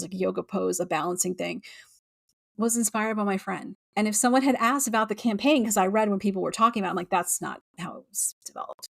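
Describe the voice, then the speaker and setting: A woman in her forties hosts a podcast, talking through a candid personal monologue in a low, gravelly voice. She rambles, restarts and swears freely, with emotion close to the surface. The sound is dry and close, with no room echo. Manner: rambling, many fillers and restarts. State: emotional, near tears. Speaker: podcast host.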